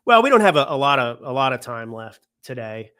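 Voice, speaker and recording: A man's voice: medium pitch, sing-song, fairly quick, bright, forceful tone, clear, resonant tone. A man in his thirties or forties hosting a political commentary show, talking in a heated, emphatic way and often repeating himself. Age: 30s to 40s. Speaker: host.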